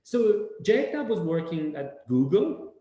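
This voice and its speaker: A man giving a casual webinar talk, animated and rambling, full of fillers and restarts. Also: high-pitched, takes it slowly, dull audio. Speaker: webinar speaker. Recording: very echoey room.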